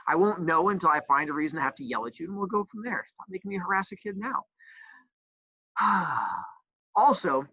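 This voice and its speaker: Teasing bright-voiced male teacher. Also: a little high, slightly rough, no room sound. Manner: teasing, joking, self-mocking. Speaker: middle school English teacher. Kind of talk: online class talk. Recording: dull, dry video-call audio.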